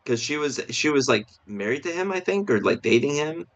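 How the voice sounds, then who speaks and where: This fairly high-pitched man speaks fairly quickly with lively intonation. He co-hosts a casual film review podcast, stumbling through many restarts and fillers, captured in dull lo-fi stream audio.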